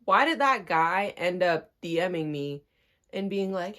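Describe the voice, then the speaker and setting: A young woman vlogger telling a story in a casual storytime style, animated and acting out the people in her story. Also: fairly low pitch, unhurried.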